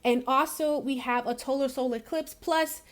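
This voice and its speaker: High-voiced chatty woman giving a reading. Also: steady tone, normal speed. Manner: chatty, giggly, lots of fillers. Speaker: spiritual reader. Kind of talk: casual monthly astrology reading.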